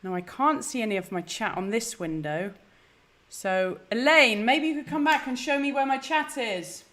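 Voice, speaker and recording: A woman's voice: on the high side, normal speed, fairly bright tone. A woman hosting a live stream, chatty, flustered and self-deprecating. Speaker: host. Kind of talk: casual live-stream chat.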